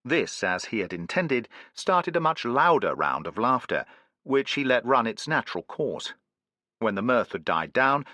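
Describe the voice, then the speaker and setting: A man reading a science fiction audiobook in an even, measured storytelling way. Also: mid-range voice, no room sound. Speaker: audiobook narrator. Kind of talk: scripted audiobook narration.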